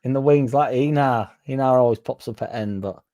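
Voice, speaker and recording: A man co-hosts a casual chat at an average pitch. He rambles and loses the thread, makes fun of himself and swears without thinking. He comes across loose and down to earth. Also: fairly quick, mellow. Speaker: podcast co-host.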